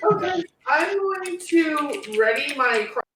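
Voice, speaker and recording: A woman playing in a tabletop game, brisk and matter-of-fact as she describes her moves. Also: sits high, animated, a bit bright, echoey room, recorded from a distance, slight background noise. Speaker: player. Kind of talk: casual tabletop play.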